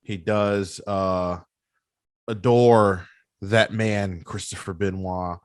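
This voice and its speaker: A man co-hosting a wrestling podcast, talking slowly in casual chat with many pauses and fillers. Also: deep voice, fairly even intonation, clean tone, no echo, clean studio sound. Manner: slow, halting, with many fillers. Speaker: podcast co-host.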